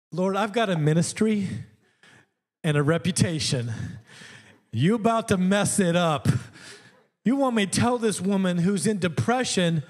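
A preacher with a high, light voice tells a story from the pulpit. He moves between humor and fervent exhortation, addressing the congregation as brothers and sisters. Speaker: pastor. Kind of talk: sermon.

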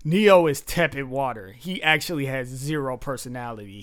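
A man's voice: on the high side, animated, normal speed, hardly any pauses, a bit bright. A man in casual chat as a podcast co-host, speaking emphatically and with strong opinions.

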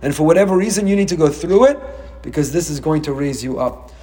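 A rabbi preaches a Torah lecture in a fairly high, lively voice. He acts out dialogue, jumping up in pitch for emphasis. His voice rings with a long reverb, as if in a large hall. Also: fast talker.

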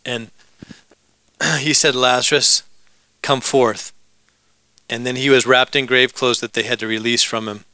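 A male pastor delivers a sermon in a bright, crisp voice. He preaches casually, mixing humor and asides to the congregation. The sound is dry and close. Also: medium pitch, fairly even intonation, a little slow, long pauses, no echo, low-quality recording.

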